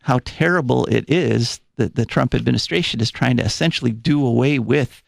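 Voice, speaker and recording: A man's voice: medium pitch, a little fast, vocal fry, dry recording. A man hosting a live call-in radio show, chatty and rambling with fillers, a little out of breath. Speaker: radio host. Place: radio studio. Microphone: studio microphone.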